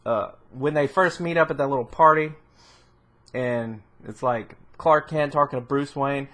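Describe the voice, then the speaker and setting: A man's voice: mid-range voice, unhurried, fairly bright tone. A man casually reviewing a film in a rambling, filler-heavy way, often laughing and swearing. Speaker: movie reviewer.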